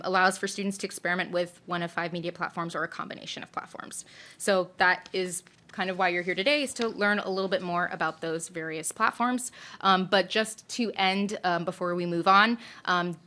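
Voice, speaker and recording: Bright-voiced woman presenting a program. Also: on the low side, fairly quick. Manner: many "um" fillers, upbeat promotional tone. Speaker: program staff presenting an open house. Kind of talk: scripted presentation with fillers.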